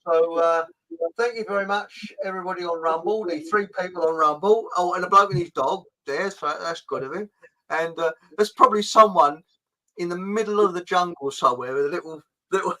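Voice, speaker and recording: A man's voice: high voice, a little fast, pushed and bright, rough recording. An English man hosting a casual chat show, rambling and chuckling with frequent restarts. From England. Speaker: host.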